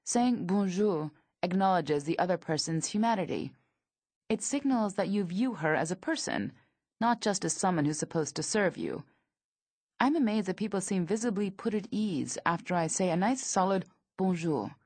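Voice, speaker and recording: Lady reading her memoir, kinda low, dry close sound, bit raspy. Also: animated, moderate pace, a little mellow, dry recording. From United States. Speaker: memoir narrator. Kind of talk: audiobook memoir narration.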